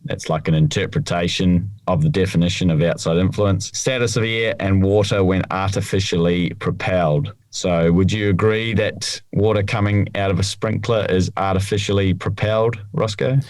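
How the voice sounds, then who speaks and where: Male co-host, deep voice, plain explanatory delivery, dry room. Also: fairly even intonation, normal speed, few pauses, no echo. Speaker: podcast co-host, rules expert. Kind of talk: casual chat.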